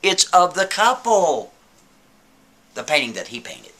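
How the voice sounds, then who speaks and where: Bright-voiced man telling a story. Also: on the high side, measured pace. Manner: animated, keeps asking "right?" and rhetorical questions. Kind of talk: casual spoken storytelling.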